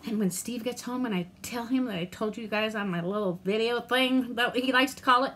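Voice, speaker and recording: A middle-aged woman vlogging in a casual, candid and rambling way, self-deprecating, with mild cursing and lively swings in tone. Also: fairly high pitch, brisk, hardly any pauses. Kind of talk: casual chat to camera.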